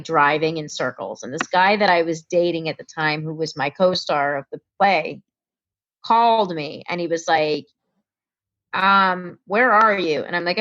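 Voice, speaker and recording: A woman's voice: fairly low pitch, fairly bright tone, lo-fi sound. A woman from Connecticut, a comedian guest, telling a story in casual talk and acting out the voices of the people in it.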